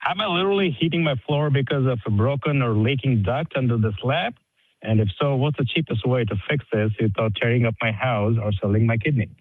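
A man's voice: mid-range voice, a little fast. A man calling into a radio show, explaining his question hesitantly with many ums and uhs. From Michigan, USA. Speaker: caller. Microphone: telephone. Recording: tinny phone line, dry.

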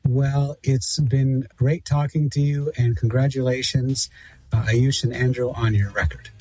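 Husky-voiced man, radio reporter. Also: mid-range voice, unhurried, low-quality recording. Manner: calm, polite questioning. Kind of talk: radio interview.

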